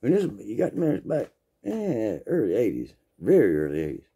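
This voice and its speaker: Quick-paced and fairly low, this man's dark, breathy voice swings hugely in pitch. A Southern man in his sixties, he rambles through a funny story in a folksy, casual way, frequently repeating himself.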